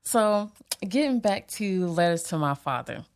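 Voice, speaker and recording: A woman hosting a casual interview, easygoing and quick to affirm her guest. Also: lowish voice, expressive, clear, resonant tone. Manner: easygoing, affirming with short backchannels. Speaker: podcast host.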